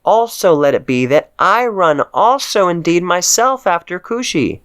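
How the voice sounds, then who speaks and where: A man's voice: high-pitched, lively intonation, unhurried, fairly bright tone, clear, resonant tone, voice pushed up. A man doing an eager young messenger. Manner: eager, pleading. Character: eager young male runner bringing news.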